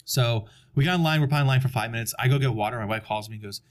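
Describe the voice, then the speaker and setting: Speaking rapid-fire in a mid-range voice, this young man spins a long story while guesting on a podcast, voicing the characters along the way in casual chat.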